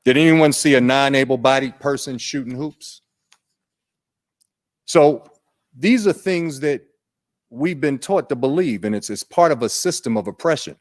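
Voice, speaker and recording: A man with a mid-range voice presents at an online training day. He speaks in an unhurried, conversational way and poses questions to his audience.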